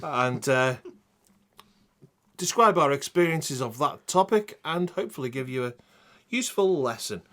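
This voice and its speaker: A man's voice: mid-range voice, animated, unhurried, long pauses, sharp tone. A man hosting a crude comedy podcast, teasing his co-hosts in a mock-dramatic, sweary way. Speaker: podcast host.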